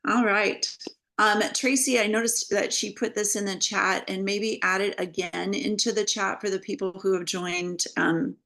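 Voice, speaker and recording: A woman hosting an online presentation in a relaxed, slightly halting way. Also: mid-range voice, gravelly. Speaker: host.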